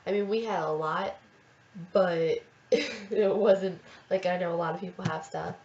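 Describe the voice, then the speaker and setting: A woman's voice: lowish voice, a little slow, a little mellow. A teenage girl casually telling a long story, chatty and gushing, full of fillers. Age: teens. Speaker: vlogger. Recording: roomy, dull lo-fi webcam audio.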